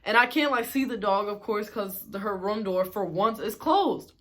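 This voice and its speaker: A woman's voice: mid-range voice, animated, moderate pace, fairly bright tone. A young woman telling a storytime in a casual, slangy and sarcastic way, sounding exasperated. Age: young adult.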